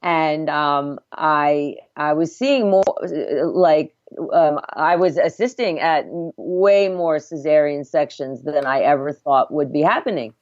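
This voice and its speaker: Earnest midwife with a low, dull-sounding voice. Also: female voice, slow pace, a little mellow, no echo. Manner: earnest, reflective storytelling with frequent restarts. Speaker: midwife, former obstetric nurse. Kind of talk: conversational podcast interview. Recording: dull, dry lo-fi audio.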